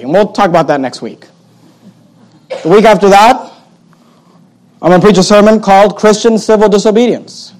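A pastor preaching a sermon, emphatic and sarcastic, swinging between loud outbursts and hushed asides. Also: male voice, sits high, normal speed, long pauses, low-quality recording.

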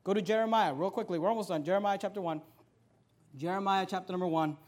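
A pastor preaching a sermon, moving from conversational storytelling into forceful, raised-voice preaching. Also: male voice, sits high, quick pace.

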